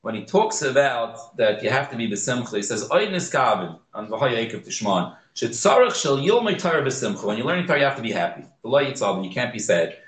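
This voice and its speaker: A man teaching a Torah class, mixing Hebrew terms into English and growing animated on key points. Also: medium pitch, fairly quick, hardly any pauses, roomy sound, poor audio.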